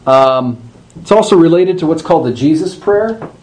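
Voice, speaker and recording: A man explaining liturgy to a group in a conversational, teaching way, checking in with his listeners and slowly sounding out chanted words. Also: a little high, expressive, darkish tone, low-quality recording. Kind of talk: informal class talk.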